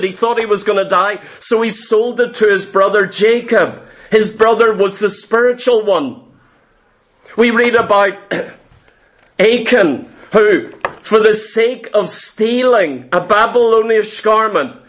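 A man preaching a sermon, retelling Bible stories with emphasis and acting out the characters' lines. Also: sits high. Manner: emphatic storytelling, acting out biblical dialogue.

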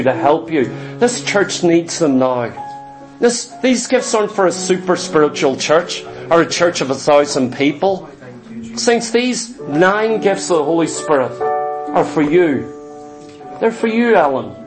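A man's voice: high voice, lively intonation, unhurried, over music. A middle-aged man preaching a sermon in church, telling stories with emphatic repetition. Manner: storytelling, emphatic, repeats phrases.

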